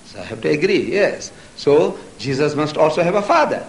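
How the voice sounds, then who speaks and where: A man answers questions from the floor in a debate, fierce and insistent, firing off rhetorical questions. His voice sits a little higher than most men's. It comes from well away from the microphone and rings around a large echoey hall. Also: big pitch swings, moderate pace. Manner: forceful and emphatic, with repeated rhetorical questions. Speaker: lecturer answering audience questions. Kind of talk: public debate Q&A. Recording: echoey hall, mic far off.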